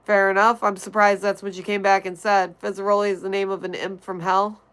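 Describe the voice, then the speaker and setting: A woman's voice: mid-range voice, little pitch movement, brisk, fairly bright tone, clean tone, low-quality recording. A young woman from Connecticut hosting a casual livestream, chatting and greeting viewers by name as she reads the chat. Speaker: livestream host.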